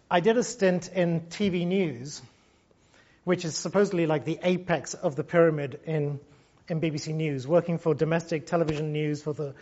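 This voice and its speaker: Thinking aloud in a conversational, reflective style, a Gibraltarian lecturer in his fifties, once a broadcast journalist, addresses a university class. His voice is high-pitched with a darkish tone, and the recording has its highs cut off.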